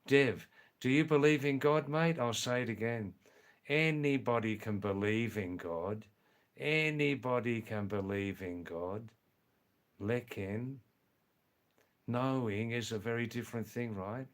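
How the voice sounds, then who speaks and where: A middle-aged Australian man hosts a casual livestream, answering his viewers with a medium-pitched voice at a measured pace. He's emphatic, keeps repeating key phrases, and says "um" a lot.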